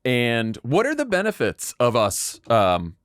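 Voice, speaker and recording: A man talks as a guest in a political podcast chat. His voice is mid-pitched and dry, close to the mic. He is blunt and mocking, and he halts on fillers. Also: wildly swooping pitch, a little slow, a bit bright, no room sound.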